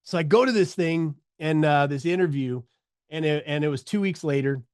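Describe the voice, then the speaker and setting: Middle-aged male podcast guest, lively storyteller, slightly higher voice, dry close mic. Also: moderate pace, clean tone, no echo. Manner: animated storyteller, acts out quoted voices.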